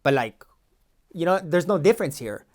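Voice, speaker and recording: A man plays a cocky young immigration agent with a Los Angeles valley accent, rambling on in an improvised comedy sketch. He sounds defensive, slangy and boastful, and his voice sits a little higher than most men's. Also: lively intonation, normal speed, a little mellow, natural voice. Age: 20s. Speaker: podcast co-host.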